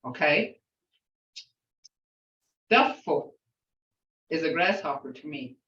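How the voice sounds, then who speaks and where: Older woman as an unhurried language teacher, outspoken, repeating each word to model it; distant mic in an echoey room. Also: lowish voice, animated, fairly bright tone. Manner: slowly repeats words to model pronunciation. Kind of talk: language class lesson. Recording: roomy, distant, dull lo-fi sound.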